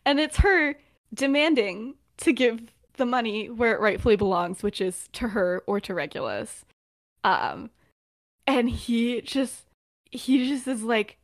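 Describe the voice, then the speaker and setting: Young female podcast co-host, casual rambling storyteller, acts out lines, slightly high voice. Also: expressive, normal speed. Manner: rambling, many fillers, acts out quotes. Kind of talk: casual chat retelling a story.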